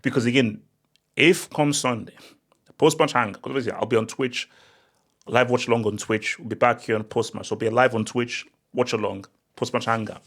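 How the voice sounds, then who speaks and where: A man hosting his own football channel, talking casually in an animated, excitable way with frequent restarts and sudden rising outbursts. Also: medium pitch, fairly quick. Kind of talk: casual opinion monologue.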